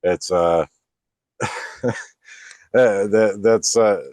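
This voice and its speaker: A low-voiced man hosting a podcast who answers his guest in halting, hesitant bits. The audio is dry, with no room sound. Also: darkish tone, no echo. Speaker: podcast host. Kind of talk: casual interview chat.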